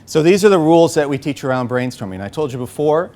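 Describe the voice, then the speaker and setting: A man leading a live workshop, coaching the group with an energetic manner and frequent "okay?" and "right?" check-ins. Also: a little high, quick pace. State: a bit out of breath. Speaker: workshop facilitator. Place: workshop room.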